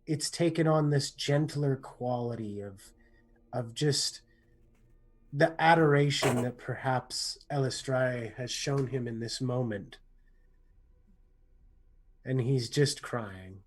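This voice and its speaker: Slow, unhurried male game master narrating. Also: medium pitch. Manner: slow, descriptive narration with frequent restarts and softening fillers.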